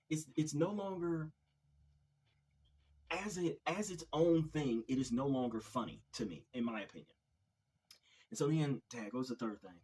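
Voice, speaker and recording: A man's voice: mid-range voice, husky, rough recording. A man hosting his own video channel, giving an opinion monologue in a hesitant way, often repeating words and sighing. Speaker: video commentary host.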